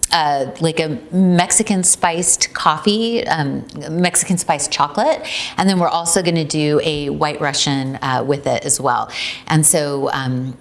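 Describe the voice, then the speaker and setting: A middle-aged woman from Ukraine, the founder of a tea company, demonstrating a recipe in a chatty way with many ums. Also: low voice. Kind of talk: casual recipe demo.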